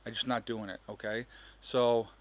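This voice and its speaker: A man's voice: mid-range voice, level tone, normal speed. A middle-aged man ranting heatedly to his viewers in a vlog, repeating himself and talking to them directly. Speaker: vlogger. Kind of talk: ranting to camera.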